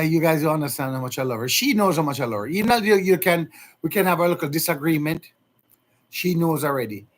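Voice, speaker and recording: A man's voice: on the high side, fairly bright tone. A young man with a Jamaican accent, earnestly talking to his viewers in a rambling, emotional way. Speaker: vlogger. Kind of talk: casual heartfelt talk to viewers.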